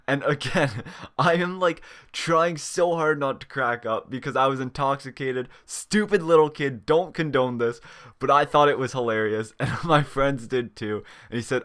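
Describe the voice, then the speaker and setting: A man's voice: medium pitch, moderate pace, fairly bright tone. A young man casually telling a storytime, swearing freely and chuckling as he goes. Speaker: channel host.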